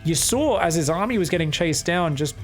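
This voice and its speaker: An Australian man giving solo commentary on a video game match, excitable and joking, with frequent swearing. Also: a little high, fairly quick, over music. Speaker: esports caster.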